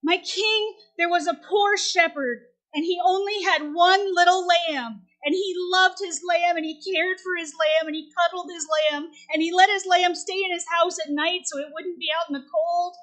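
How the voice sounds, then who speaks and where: An earnest prophet pleads with his king, as a woman preacher tells it. The voice is very high. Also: steady tone, moderate pace, hardly any pauses, a bit bright. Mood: pleading.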